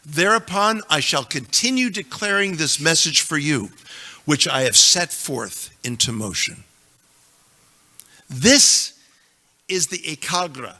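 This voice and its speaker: Guy giving a scripture talk, super bright tense voice, kinda high, big echoey temple hall. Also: animated, unhurried. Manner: emphatic, joking asides, recites verses. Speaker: scripture teacher. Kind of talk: lecture on scripture to an audience.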